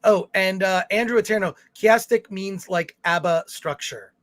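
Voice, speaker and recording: A man's voice: sits high, normal speed, fairly bright tone, no room sound. A man co-hosting a film review livestream, reading viewer comments aloud in casual chat with fillers and restarts. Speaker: film review show co-host.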